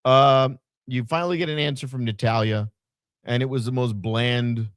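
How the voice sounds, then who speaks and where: A man's voice: mid-range voice, fairly even intonation, normal speed, smooth, dry recording, clean studio sound. A man co-hosting a podcast, giving a blunt, profane, opinionated wrestling recap in casual chat. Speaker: podcast co-host.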